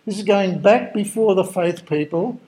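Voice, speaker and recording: A man's voice: high voice, moderate pace, warm tone, rough recording. A man preaching a sermon in a conversational, storytelling way, acting out the dialogue of the people he describes. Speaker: pastor.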